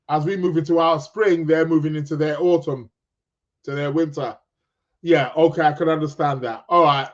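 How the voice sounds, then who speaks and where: A man's voice: on the high side, muffled recording. A man hosting an astrology podcast, chatting casually and reading out viewer comments in a rambling, joking way. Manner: rambling, jokey, self-interrupting.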